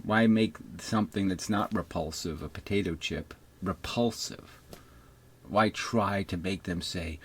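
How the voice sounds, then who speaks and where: Husky, profane older man ranting. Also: deep voice, measured pace. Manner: profane, mocking, sarcastic; mimics others in put-on voices. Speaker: video commentator. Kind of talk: unscripted ranting monologue.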